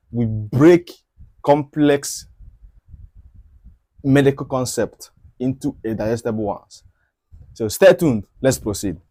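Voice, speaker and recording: A man teaching anatomy in a mid-pitched voice. He repeats key phrases and poses rhetorical questions as he walks through diagrams. The recording is close and dry. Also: darkish tone, dry recording. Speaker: medical educator. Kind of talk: anatomy lecture over diagrams.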